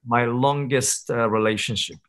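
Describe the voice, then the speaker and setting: A man over thirty talks as a podcast guest, working through his stories in a loose, candid way. He circles back often with fillers and half-started words, and his pitch sits in an ordinary middle range. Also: steady tone, moderate pace, fairly bright tone. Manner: candid, reflective storytelling with frequent fillers and restarts. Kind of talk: casual conversational interview.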